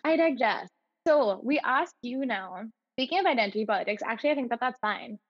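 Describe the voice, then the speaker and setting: A woman's voice: fairly high pitch, expressive, fairly quick, no echo, long reverb tail, lo-fi sound. A woman co-hosting a podcast, chatting casually and animatedly, often digressing. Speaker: podcast co-host. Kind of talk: casual chat.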